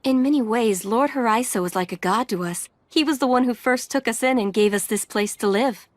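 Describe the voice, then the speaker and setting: A woman's voice: on the high side, fairly quick, no room sound, natural voice. A woman voicing a devoted village woman in an anime dub, speaking reverently.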